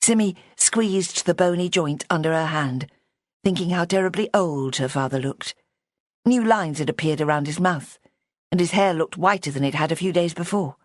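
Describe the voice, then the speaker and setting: Low-voiced woman narrating a mystery. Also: normal speed, no echo, studio quality. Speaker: audiobook narrator. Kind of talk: scripted narration.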